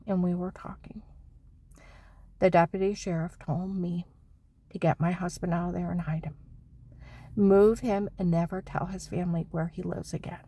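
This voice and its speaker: A woman talking in an anxious, rambling personal monologue, swinging between hushed whispers and loud outbursts. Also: lowish voice, no echo. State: anxious and on edge. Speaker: vlogger.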